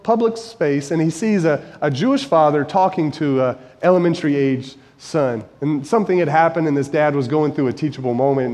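A man's voice: fairly high pitch, a little mellow. A man in his forties giving a conversational sermon, earnest and storytelling, rising to emphatic peaks. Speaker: preacher and high school Bible teacher. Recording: long reverb of a large hall.

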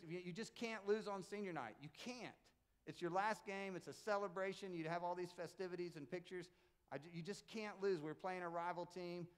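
A middle-aged man, a pastor who also coaches basketball, preaching a conversational sermon and telling stories with emphatic, joking asides. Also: high voice. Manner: animated storyteller, emphatic, jokey asides. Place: church sanctuary with congregation.

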